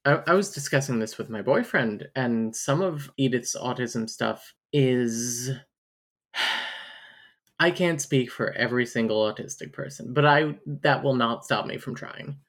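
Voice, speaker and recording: A woman's voice: rumbling low, unhurried. A woman co-hosting a podcast, recapping a romance novel in a wry, candid way and laughing often. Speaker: podcast co-host. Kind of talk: casual book discussion chat.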